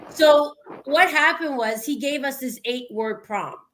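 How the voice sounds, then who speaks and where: A woman guest poet who recites her poem in a dramatic spoken-word style with big swings in loudness, then chats loosely with plenty of fillers. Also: sits high, measured pace. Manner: chatty, loose and full of fillers when talking. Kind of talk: spoken-word poetry and casual chat.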